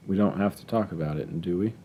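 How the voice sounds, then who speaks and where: A man's voice: sits low, quick pace, husky, phone-quality sound. A man reading aloud, voicing a cool, sweetly mocking wealthy wife in an audiobook story.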